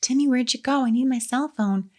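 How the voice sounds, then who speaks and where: A woman's voice: sits high, a little fast, darkish tone, pitched above the performer's own voice, close to an everyday voice. A woman voicing a frightened teen girl who calls out for her friend, with a put-on Southern twang. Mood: anxious.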